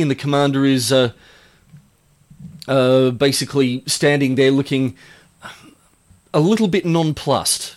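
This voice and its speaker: A man narrating a tabletop game as game master, rambling and halting often as he describes the scene. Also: a little high. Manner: rambling, full of "uh" and restarts.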